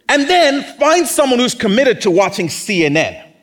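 A man's voice: very high voice, big pitch swings, normal speed, a bit bright. A man preaching a sermon in a conversational, teasing way, often acting out mocking quotes.

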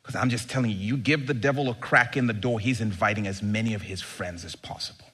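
A male pastor preaching a sermon in an animated, emphatic way, with sudden bursts of excitement. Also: on the low side, fast, husky.

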